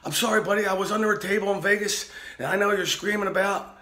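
A man's voice: sits high, fast talker, roomy sound, background noise, voice pushed up, close to an everyday voice. A man putting on the voice of a sheepish, apologetic rock singer who is scared to answer the phone. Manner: apologetic, timid.

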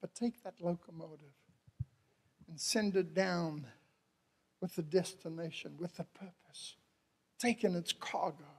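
A man preaching a sermon as a missionary. He talks to the congregation and calls out to them, moves from quiet lines to loud cries, and laughs often. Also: high-pitched, measured pace, creaky, long pauses, husky.

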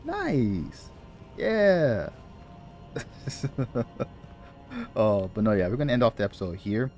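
A man's voice: on the low side, normal speed, soft background music. A man playing a video game and commenting casually, talking to the characters and laughing to himself. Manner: animated, talks to the game, mutters and laughs. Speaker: gaming YouTuber. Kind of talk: casual let's-play commentary.

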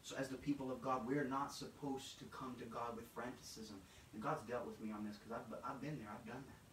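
A man preaching a sermon, dramatic and repetitive, swinging between shouts and hushed, low passages. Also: fairly even intonation, fairly quick, slight background noise. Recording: echoey room, mic at a distance.

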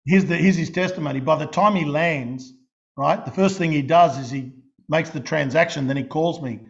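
A middle-aged Australian man preaching a sermon, telling stories in an animated way and often restarting and repeating his words. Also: a little high, moderate pace. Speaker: pastor. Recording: dull lo-fi recording.

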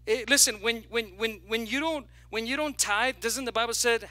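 A male pastor preaching a sermon, animated and lively, drawing call-and-response from the congregation with playful asides. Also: very high-pitched, normal speed, no room sound. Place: church sanctuary.

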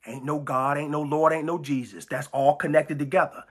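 A woman's voice: low-pitched, moderate pace, few pauses, fairly bright tone, slightly rough. A woman preaching a fiery sermon, full of emphatic repetition and stammered restarts.

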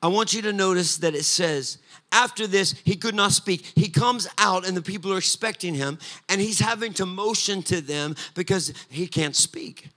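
A male pastor, preaching in a church. His voice sits a little high and sounds bright and forceful. He drops into quiet, chatty asides, then climbs into loud, sing-song preaching. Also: moderate pace. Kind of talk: sermon. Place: church sanctuary.

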